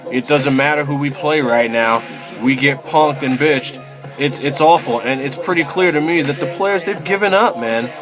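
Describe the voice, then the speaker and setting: A man giving a casual, rambling rant as a football fan, exasperated and swearing, with lots of fillers like "you know" and "man". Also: fairly high pitch.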